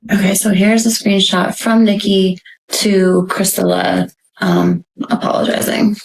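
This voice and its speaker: Gravelly-voiced woman, casual stream guest. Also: mid-range voice, steady tone, unhurried, low-quality recording. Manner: reads messages aloud with frequent "like" and "um" asides. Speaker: guest sharing screenshots. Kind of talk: casual live-stream talk.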